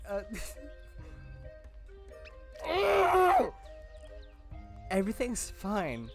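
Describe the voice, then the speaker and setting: A young man hosting a gameplay video, rambling and mocking himself with lots of fillers. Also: high voice. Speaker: gaming video host. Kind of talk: casual gameplay commentary.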